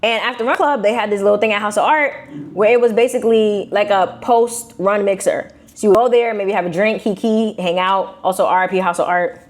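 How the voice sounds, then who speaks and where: A young woman from Brooklyn with a New York accent, telling a personal story to her viewers in a casual, animated, slangy way. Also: mid-range voice, brisk. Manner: animated, slangy, acts out quotes in shifting voices. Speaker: vlogger.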